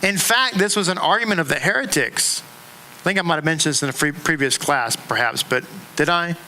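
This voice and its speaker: A middle-aged man lectures a class in a synagogue room, his voice high and bright. He talks in an animated way, doubling back on words and tossing asides and jokes to the listeners. A faint hum of the room sits behind him. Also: fairly quick, low-quality recording. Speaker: rabbi teaching a class.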